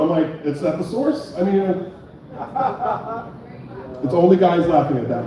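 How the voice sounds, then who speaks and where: A man's voice: a little high, expressive, moderate pace, pauses often, heavy reverb, far from the mic, highs cut off. Young man hosting a bar comedy night. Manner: loose, joking, chatty with the crowd. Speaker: comedy show host and stand-up comic. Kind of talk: stand-up comedy.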